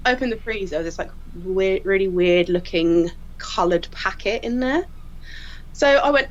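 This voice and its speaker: A woman tells work stories in a bright, animated way, jumping into other people's voices. Her pitch sits in a middle range. The podcast audio sounds a little dull. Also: unhurried. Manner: lively, laughing storyteller who acts out quotes. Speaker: crime scene investigator guest. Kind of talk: casual anecdote telling.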